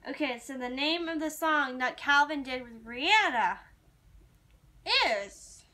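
A young woman chats to her viewers in a casual, rambling vlog. Her voice is bright and sits a little high, and she talks like an excited fan. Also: a little slow. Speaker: vlogger. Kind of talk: casual chat to camera.

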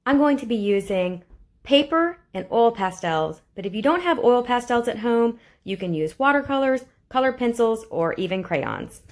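A woman's voice: a little high, very animated, moderate pace. Chatty Southern art teacher woman. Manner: friendly, chatty, explains while drawing. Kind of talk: home video art lesson for children. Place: home room. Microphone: phone camera.

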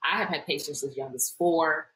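A woman in her thirties hosting a casual chat, telling stories in an animated, exasperated way. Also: sits low, moderate pace, noisy background. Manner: animated, exasperated storytelling with laughs. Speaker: podcast host, psychologist.

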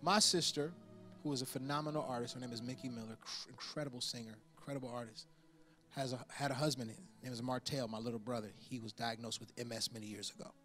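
A pastor in his forties delivering a sermon, telling a personal story with lively impressions of the people in it. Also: medium pitch, fast, soft background music. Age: 40s. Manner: storytelling with animated impressions and laughter.

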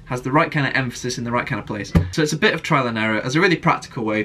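A man's voice: mid-range voice, a bit bright. Earnest young man sharing songwriting tips. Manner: earnest, sings example lines himself. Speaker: worship songwriter answering viewer questions. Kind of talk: casual vlog Q&A.

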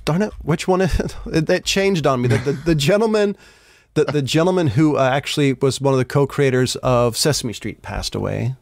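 A man's voice: mid-range voice, expressive, normal speed, creaky, dry recording, studio quality. A man hosting a podcast, reading news headlines aloud with casual asides and stumbling over names.

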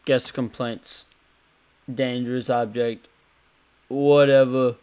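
A man's voice: lowish voice, slow. Sweary young man muttering over gameplay. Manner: chaotic and sweary, muttering asides with sudden loud outbursts. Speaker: gameplay commentator. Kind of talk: casual gameplay commentary.

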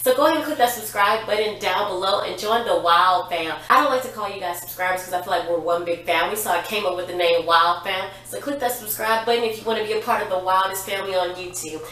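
A young woman chatting casually as a reaction vlogger, excitable and quick to exclaim along with the video she is watching. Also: mid-range voice, recorded from a distance. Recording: echoey room, off-mic, music behind. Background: music video playing.

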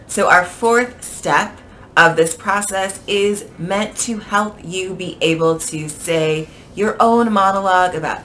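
An American woman teaching an English pronunciation lesson, speaking clearly with expressive, lively intonation. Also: medium pitch, a little hiss or hum.

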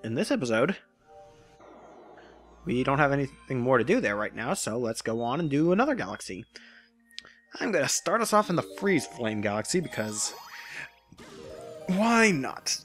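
A man's voice: mid-range voice, big pitch swings, moderate pace, pauses often, a bit bright, faint music behind. A man casually narrating his gameplay, rambling with frequent restarts and jokes about puns. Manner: rambling, self-correcting, jokey about puns. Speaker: let's play host.

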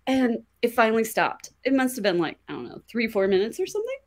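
A woman guest on a podcast telling a story in a casual, excitable way, laughing often and using lots of fillers. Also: on the high side, fast talker.

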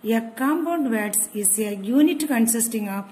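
Slow, deliberate woman teacher. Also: a little high, animated, a little mellow. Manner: slow, deliberate word-by-word explanation with asides in a regional language. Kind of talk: grammar lesson for school pupils.

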